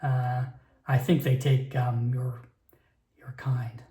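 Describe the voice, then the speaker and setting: A man's voice: fairly high pitch, steady tone, normal speed, darkish tone, roomy sound, natural voice. A man doing a wry, chatty tavern keeper. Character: wry middle-aged male tavern keeper.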